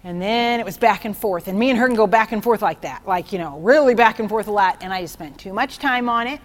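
A woman teaching from the Bible in an informal, excitable way, telling personal stories and often checking in with "okay?". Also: medium pitch, fast. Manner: excitable, chatty, keeps asking "okay?"; tells personal stories to make a point.

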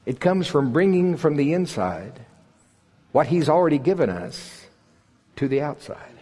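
Older oklahoma guy preaching, folksy and jokey, a bit husky, big echoey hall. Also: a little high, big pitch swings, measured pace, warm tone. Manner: folksy, joking, builds to emphatic peaks. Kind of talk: sermon. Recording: husky voice in a large reverberant hall.

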